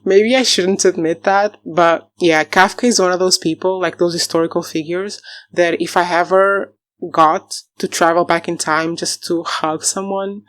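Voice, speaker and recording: A woman's voice: fairly low pitch, steady tone, normal speed, no echo, studio quality. A woman talking casually in a book vlog, chatty and enthusiastic, laughing often and wandering into self-correcting asides. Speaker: book vlogger.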